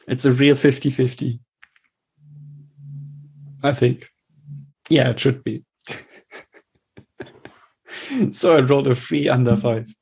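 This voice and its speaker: Man player, slow and husky, dry wry humor in casual tabletop play. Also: medium pitch, fairly even intonation, a little mellow. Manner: dry, wry, laughing at his own failures.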